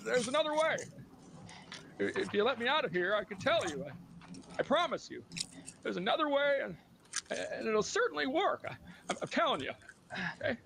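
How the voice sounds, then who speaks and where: A man voicing a timid old mayor and fretful husband who stammers, pleads and breaks into song in an animated film. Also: very high-pitched, a little fast, creaky, pauses often, slight background noise, heavily acted, rough recording. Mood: pleading.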